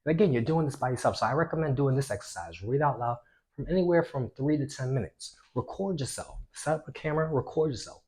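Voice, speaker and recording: A man coaching viewers on social confidence, talking with energy and swinging between a loud voice and a hushed one. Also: mid-range voice, lively intonation, fast talker. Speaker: self-improvement coach. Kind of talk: instructional talk to camera.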